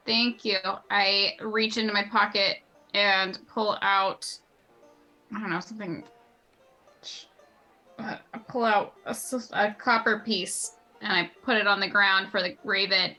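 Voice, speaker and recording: A woman playing a tabletop game who speaks in character, with formal, slightly halting phrasing that drops articles. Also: mid-range voice, bright, forceful tone, faint music behind, low-quality recording. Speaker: player. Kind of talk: in-character role-play.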